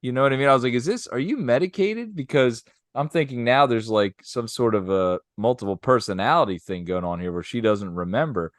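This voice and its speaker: Animated male storyteller, dry close sound. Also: lowish voice, brisk, hardly any pauses, no room sound. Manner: animated storyteller, acts out quoted voices. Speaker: podcast co-host telling a bar story. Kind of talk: casual storytelling chat.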